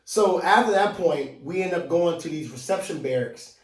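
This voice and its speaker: A young man, a podcast host, telling army stories in casual chat, animated and swearing, often asking his friend whether he remembers. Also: a little high, normal speed. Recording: echoey room, mic at a distance.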